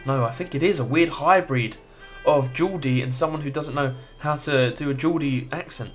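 A young man commentating on his own gameplay with jokey, sweary, animated reactions. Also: on the high side, normal speed, faint music behind. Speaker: gaming video creator. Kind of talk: let's play commentary.

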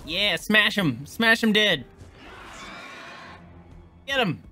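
A man streaming a video game, chatting casually and joking at the screen, often swearing when he gets excited. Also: high voice, takes it slowly, long pauses, soft background music. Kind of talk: casual gameplay commentary.

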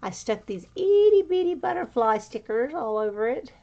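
Sing-song and a little high, this woman's dark-toned voice moves at a moderate pace, with the highs cut off in the recording. She's a crafter rambling through a casual tour of her handmade journal, using fillers and sounding somewhat breathless.

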